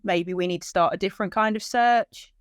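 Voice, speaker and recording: A medium-pitched woman speaks fairly quickly in a clean tone, on a dry, studio-quality recording. She animatedly recounts searching for her lost dog, acting out quoted dialogue and lifting her voice when moved.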